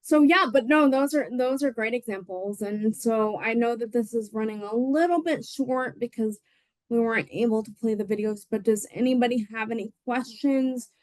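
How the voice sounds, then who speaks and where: A woman's voice: fairly high pitch, normal speed, a little mellow, no echo, rough recording. Chatty woman presenter, dry sound. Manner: rambling, many fillers and restarts. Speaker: presenter on voting rights. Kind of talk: casual webinar presentation.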